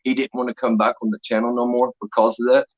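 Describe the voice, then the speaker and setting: A man's voice: mid-range voice, flat delivery, fast. Laughing man telling rambling stories. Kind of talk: casual livestream chat. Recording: dull lo-fi stream audio.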